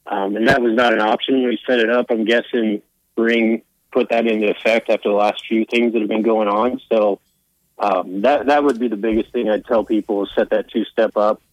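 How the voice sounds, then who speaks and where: A man, a guest on a morning radio show, talking hesitantly with many pauses and fillers. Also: on the low side, steady tone, no echo, lo-fi sound. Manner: hesitant, lots of ums. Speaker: guest caller. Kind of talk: phone-in interview.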